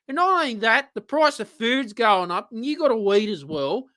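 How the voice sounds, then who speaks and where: A man's voice: very high voice, sing-song, normal speed, pushed and bright, dry recording. An Australian man hosting a live-streamed radio-style show, ranting in an exasperated, profane way. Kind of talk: live-streamed solo rant.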